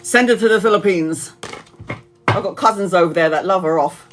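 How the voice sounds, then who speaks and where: A woman's voice: lowish voice, moderate pace. A woman in her forties, a tarot reader chatting casually to viewers on a live stream, rambling, laughing often and reading out comments.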